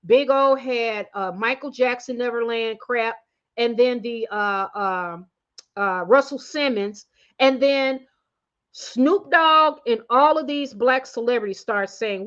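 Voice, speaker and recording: A woman hosting a casual opinion commentary, talking in slang, meandering through fillers and restarts and swinging between loud outbursts and muttered asides. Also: on the high side, slow pace, clean tone, dull audio. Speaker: commentary channel host.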